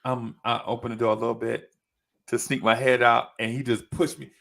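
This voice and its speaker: A man's voice: medium pitch, level tone, brisk, vocal fry, a bit bright. A man hosting a live show, telling a slangy, rambling story with many restarts. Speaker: host. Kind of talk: casual storytelling chat.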